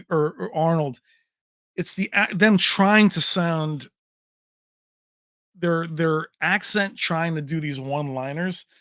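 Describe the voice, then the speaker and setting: A man's voice: on the high side, a bit bright, no echo, clean studio sound. A man hosting a casual tech livestream, chatting with viewers, answering their comments and laughing often.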